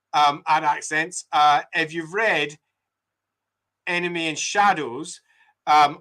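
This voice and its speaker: A man's voice: fairly high pitch, pushed and bright. A Scottish man chatting casually as he maps a game city, reading viewer comments and joking about how bad he is at accents. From Scotland. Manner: chatty and self-deprecating, laughs often. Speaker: game writer and streamer.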